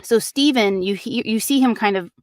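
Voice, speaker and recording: A woman hosting a true crime podcast, retelling a case casually with many fillers and quick acted-out quotes. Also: on the high side, no echo, studio quality.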